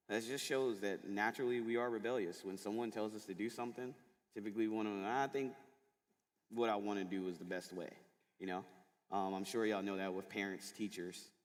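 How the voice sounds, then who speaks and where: A man giving a sermon to middle school students in a school chapel, chatty and informal, full of fillers as he tells stories. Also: fairly low pitch. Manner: casual, chatty storytelling with many fillers. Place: large school chapel hall. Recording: long echo of a large hall.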